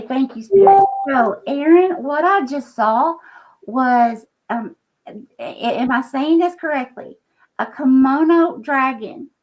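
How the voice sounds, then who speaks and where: A woman giving an earnest, halting psychic reading on a live stream, full of fillers and check-ins. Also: high-pitched, lo-fi sound. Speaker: psychic reader using scrying.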